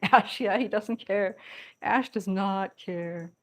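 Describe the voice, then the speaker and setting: A woman films her rescue cats with a camera on a tripod and talks to them in a relaxed, unhurried way. She teases them and laughs often at their antics. Her voice sits at an ordinary middle pitch. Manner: playful, teasing, laughs often, speaks for the cats. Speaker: cat rescue vlogger. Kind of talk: casual talk to cats during play. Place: indoor room with cats.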